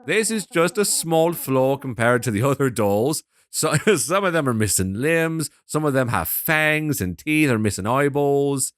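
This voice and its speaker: A man's voice: mid-range voice, lively intonation, unhurried, few pauses, dry recording, studio quality, natural voice. A man voicing a cheeky, faintly sinister magical boy doll with a put-on Irish accent.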